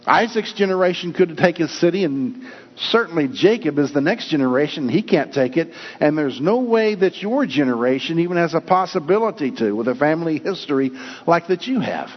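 A man's voice: on the high side, lively intonation, fairly quick, lo-fi sound. Earnest male preacher in a reverberant hall. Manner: storytelling, earnest, with restarts. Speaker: pastor. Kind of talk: sermon.

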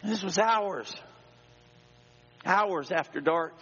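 A male pastor telling a personal story in a sermon, dramatic, dropping to a hush and rising again. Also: high-pitched, slow pace, slightly rough. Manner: dramatic, swings between hushed and raised voice. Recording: dull sound with long hall reverb.

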